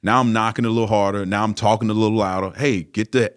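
A man in his thirties or older, a former pro football player, telling a story as an interview guest in a casual, animated way, with lots of "you know" fillers and restarts. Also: lowish voice, very fast, clear, resonant tone. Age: 30s or older.

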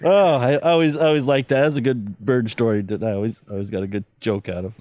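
Dry, animated male storyteller. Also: mid-range voice, fast, no room sound, highs cut off. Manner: animated storyteller, acts out voices in anecdotes. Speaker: podcast guest. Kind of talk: casual podcast chat.

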